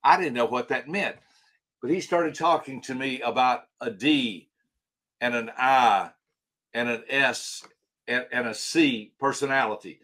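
An older man with a bright, forceful voice tells a story as a podcast guest. He is animated and acts out each quoted line, stumbling over his restarts as he goes. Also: medium pitch, measured pace. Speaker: guest, author and trainer.

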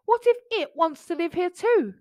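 A woman's voice: high-pitched, very animated, normal speed, pitched above the performer's own voice. A woman reading aloud and voicing a clumsy, timid male tiger who sounds sheepish. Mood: sheepish, nervous.

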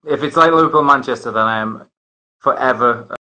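A man's voice: medium pitch, brisk, very noisy. A man hosting a casual chat, rambling with many restarts and fillers. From northern England. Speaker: host.

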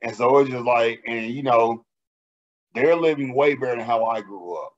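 A man co-hosting a podcast, telling stories in a profane, animated way during casual banter. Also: mid-range voice, moderate pace, lo-fi sound. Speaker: podcast co-host.

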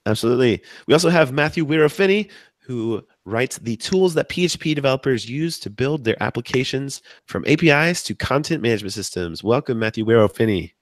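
A man hosting a live podcast, hoarse and deep-voiced from a cold, chatty and upbeat as he wanders off topic. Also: lively intonation, brisk, no echo. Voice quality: deep from sickness. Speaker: podcast host.

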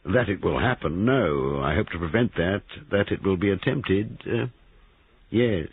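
A man voicing a brisk, persistent police sergeant investigating a murder in a storybook reading. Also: deep voice, expressive, husky, no echo, voice pushed up, exaggerated voice. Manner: persistent and formal. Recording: tinny band-limited recording.

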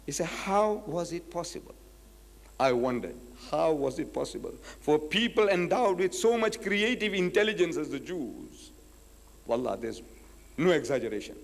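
A man delivers a lecture in a slightly high, very lively voice. He reads passages from a book and drives his argument home with emphatic rhetorical questions. His voice carries a long echo, as in a large lecture hall. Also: normal speed, gravelly. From South Africa. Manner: emphatic, rhetorical questions, acts out quoted speakers. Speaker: Islamic lecturer. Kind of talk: public lecture, reading quotes from a book.

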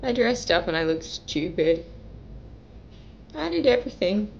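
A woman's voice: mid-range voice, sing-song, unhurried, creaky, darkish tone, highs cut off, slight background noise. A young woman vlogger making an emotional message to camera, pleading and tearful, her voice breaking as she cries at times. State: crying at times.

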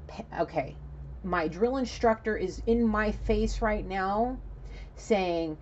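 A woman's voice: medium pitch, unhurried, a little mellow, highs cut off, a little hiss or hum. A woman giving a spiritual reading to camera in an emphatic, profane, chatty manner. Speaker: psychic reader.

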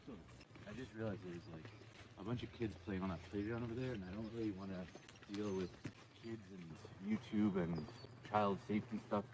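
A man hosting a casual outdoor live stream by a lake, joking and rambling in an animated way. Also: lowish voice, a little fast, noisy background.

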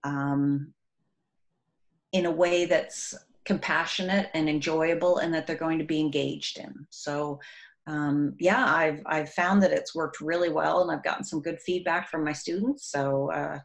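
A middle-aged woman with a low voice speaks earnestly about teaching in an interview. Her tone brightens and gets animated when she recounts stories from her classroom. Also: moderate pace. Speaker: author and educator. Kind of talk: recorded interview.

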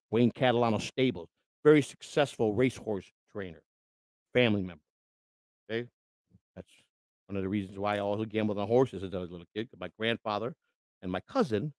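A middle-aged man, ranting on his livestream, stumbling over restarts and swinging between loud outbursts and quiet asides. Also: fairly low pitch, no room sound. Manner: indignant, repetitive restarts, swings loud and soft. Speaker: livestream host.

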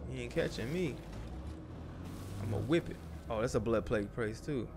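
Against a noisy background, a young man with a medium-pitched voice and lively intonation talks at a normal speed through a survival game. A father and gaming YouTuber, he keeps it loose and profane, speaking to himself and the game's characters.

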